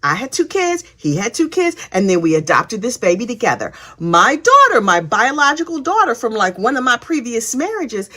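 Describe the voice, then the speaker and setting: A woman voicing an adult woman defendant who puts on a soft, innocent, girlish voice. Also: a little high, very animated, normal speed, few pauses, exaggerated voice. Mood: feigned innocent.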